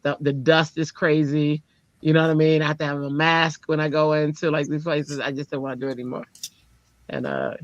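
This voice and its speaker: A woman tells a story in casual chat, animated and lively. She slips into the voices of the people she quotes with sudden jumps in pitch. The sound is dry and a bit dull, like a lo-fi stream mic. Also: dry recording. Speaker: teacher.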